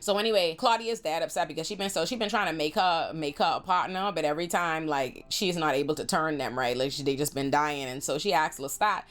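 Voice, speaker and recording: A woman hosting a casual TV episode recap, telling it in an animated, slangy, profane way. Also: low-pitched, fairly quick, few pauses. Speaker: host.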